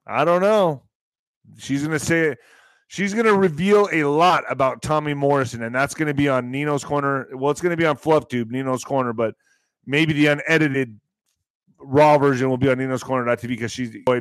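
A man hosting a live online commentary show rambles excitably, now and then breaking into shouts. His voice is mid-range and a little fast, with no room sound.

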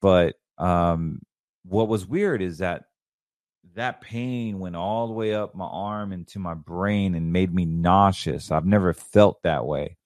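A man's voice: low voice, slow, darkish tone, no room sound, studio quality. A middle-aged man hosting a podcast, talking in a rambling, enthusiastic way. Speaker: podcast host. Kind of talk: casual solo podcast monologue.

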